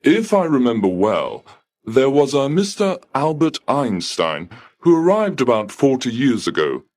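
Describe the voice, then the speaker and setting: A man voicing a polite, unbending male receptionist at heaven's gate who speaks formally and calmly. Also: medium pitch, a little slow, pitched above the performer's own voice. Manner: formal, calm, coolly polite.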